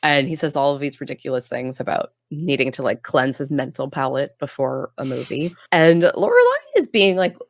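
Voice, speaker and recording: A woman from Canada co-hosting a podcast, casually recapping a TV episode in an animated, filler-heavy way. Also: rumbling low, normal speed, few pauses, no room sound, clean studio sound. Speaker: podcast co-host.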